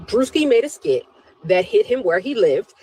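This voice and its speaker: A woman's voice: mid-range voice, big pitch swings, moderate pace, dark tone, slightly rough, poor audio. A woman co-host giving emphatic, opinionated commentary and repeating her points.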